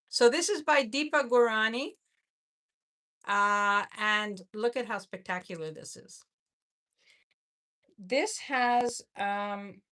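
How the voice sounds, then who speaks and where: A woman's voice: on the high side, bright, forceful tone. A woman hosting a live jewelry sale, chatting in an effusive way and often repeating her words. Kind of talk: casual live-stream selling.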